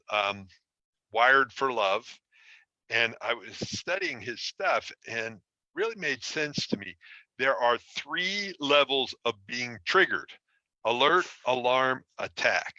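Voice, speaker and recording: A man's voice: mid-range voice, bright, forceful tone, dry recording, dull audio. A man teaching an online relationship course, explaining in a conversational way with self-deprecating stories. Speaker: relationship coach. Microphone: streaming from a computer.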